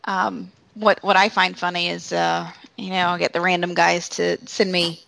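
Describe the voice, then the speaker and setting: A woman's voice: fairly low pitch, flat delivery, moderate pace, gravelly, fairly bright tone, no echo, rough recording. A woman calling in to a chat, tossing in bawdy quips. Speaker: caller. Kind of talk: casual call chat.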